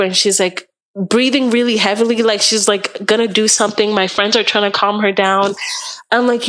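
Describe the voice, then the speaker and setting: A woman's voice: mid-range voice, steady tone, normal speed, fairly bright tone. A young woman from Canada, a podcast guest, telling a long story in a rambling, casual way, full of "like" and acted-out quotes. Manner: rambling, heavy use of "like", acts out quotes.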